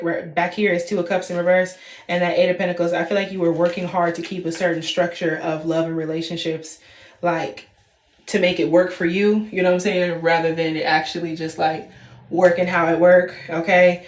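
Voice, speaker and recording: A woman in her twenties doing a casual tarot reading, talking straight to her viewers and tagging her sentences with "okay?". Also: fairly low pitch. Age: 20s. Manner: chatty, addresses viewers as y'all, frequent "okay?" tags. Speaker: tarot reader. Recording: echoey room.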